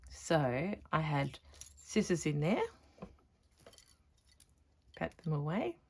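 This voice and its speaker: A textile artist chats casually in a crafting vlog, thinking aloud while she works on her stitching. Her voice sits low and carries vocal fry.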